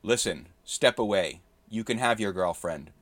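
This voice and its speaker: A man's voice: lowish voice, expressive, unhurried, a bit bright, no room sound. A man voicing a menacing male renegade warrior who threatens and snarls as he holds a hostage. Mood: snarling. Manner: threatening, snarky, increasingly furious.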